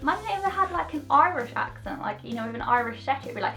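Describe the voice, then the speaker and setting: A young woman with a fairly high voice rambles cheerfully through a casual beauty review. Her delivery is bubbly and easily sidetracked. Faint music plays quietly in the background. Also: animated, fast talker, creaky, hardly any pauses. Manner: chatty, bubbly, goes off on tangents. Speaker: beauty vlogger. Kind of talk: casual product review chat.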